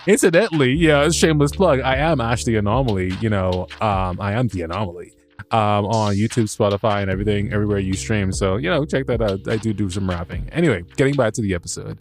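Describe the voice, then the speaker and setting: This podcast host has a fairly low voice and talks quickly as he reviews a show. His recap is casual and rambling, full of stammers and restarts, and he laughs at himself and swears freely.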